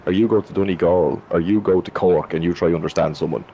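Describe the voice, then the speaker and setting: A man's voice: sits low, fast talker, mellow, slight background noise, poor audio. A man with an Irish accent teasing his sim racing teammates in casual voice chat, blunt and swearing freely. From Ireland.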